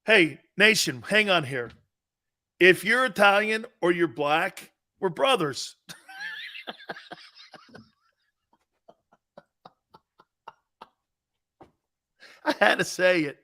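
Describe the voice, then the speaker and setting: A man hosting a live sports talk show, joking loudly with viewers, reading their comments and laughing often. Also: sits high, wildly swooping pitch, drawn-out words, pauses often. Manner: joking, loud, laughs often, calls out chat names.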